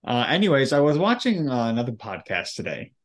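A man's voice: mid-range voice, huge pitch swings, brisk. A man co-hosting a podcast, rambling in casual chat and searching for his words. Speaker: podcast co-host.

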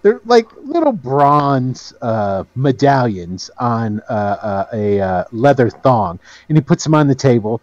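A man narrating as game master in a tabletop game, lively and full of fillers. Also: mid-range voice, measured pace, hardly any pauses, no room sound, highs cut off. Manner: lively, many fillers and character voices.

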